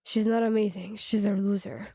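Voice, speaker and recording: A woman voicing a hot-headed, scornful teenage boy in a low, curt whispered role-play. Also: fairly even intonation, moderate pace, vocal fry, mellow, husky, dry recording, clean studio sound.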